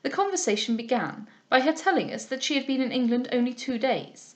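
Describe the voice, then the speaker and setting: High-voiced woman reading a novel. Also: very animated, brisk. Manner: arch and playful when chatting. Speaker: reader of a classic novel.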